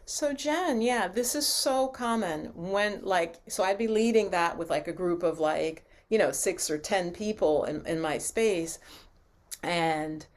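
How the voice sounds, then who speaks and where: A woman leads a calming acupressure and yoga session. Her voice is gentle and soothing, and she talks in a relaxed, chatty way, full of small fillers. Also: fairly low pitch, measured pace. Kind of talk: guided session with casual talk.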